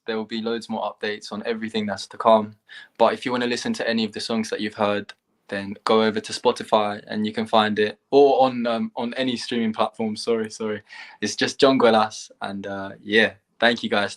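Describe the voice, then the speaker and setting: A young man, a singer guest talking about his songs in a relaxed, easygoing way with some hesitation. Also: fairly low pitch, fairly quick. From England. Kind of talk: casual interview chat.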